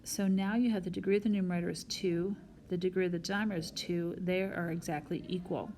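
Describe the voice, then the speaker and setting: A woman's voice: lowish voice, fairly even intonation, fast, darkish tone, a little hiss or hum. A woman math teacher recording a whiteboard lesson, explaining each step patiently and talking straight to her students.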